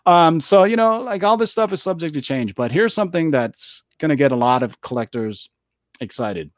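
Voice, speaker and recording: A man co-hosting a casual chat, talking in an animated way with lots of fillers. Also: fairly high pitch, no echo, clean studio sound. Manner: animated, talks fast with frequent fillers. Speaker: co-host. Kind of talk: casual comic book collecting chat.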